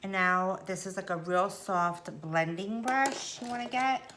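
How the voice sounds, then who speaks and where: A middle-aged woman chats casually through a makeup tutorial indoors at home, rambling and poking fun at herself. Her medium-pitched voice is fairly even and a little slow, with background noise present.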